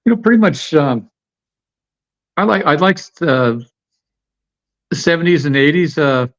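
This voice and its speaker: A man's voice: fairly high pitch, animated, measured pace, dull audio. A middle-aged American man, a podcast guest, rambling with many fillers and restarts. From United States. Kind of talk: casual interview chat.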